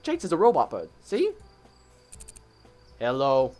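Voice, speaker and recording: A man playing an easygoing, friendly young male student in a game let's play, upbeat and lively. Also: medium pitch, slow pace, faint music behind.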